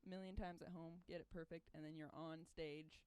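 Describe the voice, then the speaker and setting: A woman's voice: low-pitched, level tone, a little fast, darkish tone, clean tone, no room sound. A woman co-hosting a live music stream, chatting casually. She agrees readily and laughs easily. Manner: agreeable, laughs easily, short backchannel replies. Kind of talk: casual chat.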